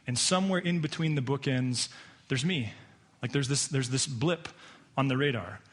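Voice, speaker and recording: A male pastor delivers a sermon in a loose, chatty way, at an ordinary middle pitch. He jokes with the congregation and often trips over and restarts his phrases. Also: moderate pace. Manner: casual and joking, with many restarts and "like". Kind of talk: conversational sermon. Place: church sanctuary.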